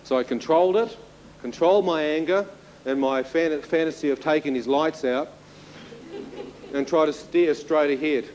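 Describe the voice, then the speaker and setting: A man in his thirties gives a spoken testimony, narrating vividly and throwing asides to his listeners. His voice sits a little higher than most men's, with a faint hum beneath it. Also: moderate pace, darkish tone, poor audio. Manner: vivid storytelling with audience asides. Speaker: testimony speaker.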